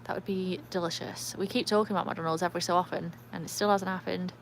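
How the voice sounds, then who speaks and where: A woman's voice: on the low side, steady tone, quick pace, a little hiss or hum. An English woman hosting a casual livestream, chatting in a rambling way and reading viewer comments aloud. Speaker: livestream host with a trick dog. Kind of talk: casual live-stream chat.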